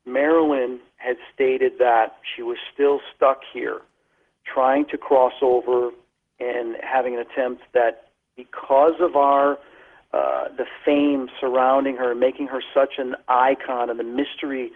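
A man's voice: medium pitch, flat delivery, unhurried. A man being interviewed by phone, explaining paranormal recordings in a matter-of-fact way. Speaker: guest, paranormal investigator. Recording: tinny phone line.

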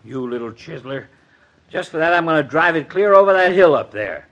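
Bright, blustering, self-important doctor for a vintage radio comedy. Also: male voice, on the high side, expressive, brisk, dull audio. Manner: blustering, grand. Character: pompous, hot-tempered male doctor golfer. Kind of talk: 1940s radio comedy acting.

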